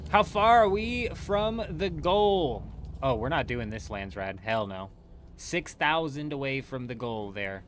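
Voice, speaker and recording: A young man live-streaming gameplay, chatting playfully and trash-talking with sudden excited outbursts. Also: on the low side, a little hiss or hum. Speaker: game streamer.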